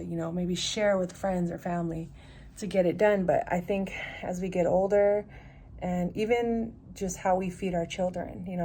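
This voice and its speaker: A woman's voice: lowish voice, darkish tone, slight background noise. A woman in her forties chatting casually at home for her vlog, rambling with lots of restarts and fillers. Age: 40s. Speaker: vlogger.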